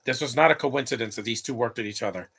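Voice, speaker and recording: A man's voice: mid-range voice, fast talker, gravelly, a bit bright, breathy edge. A man in his late thirties giving opinionated, rambling live commentary over a movie, talking back at the screen. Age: late 30s.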